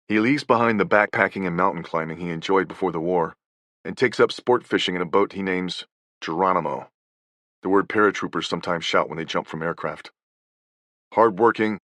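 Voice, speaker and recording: Low-voiced guy narrating a nonfiction audiobook, dry close sound, steady measured reading. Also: no room sound.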